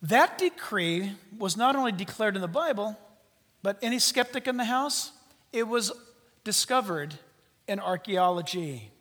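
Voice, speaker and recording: Man, pastor, sermon, high-pitched, long hall reverb, animated, addresses congregation. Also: measured pace. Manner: animated preaching, calls to the congregation, acts out biblical dialogue.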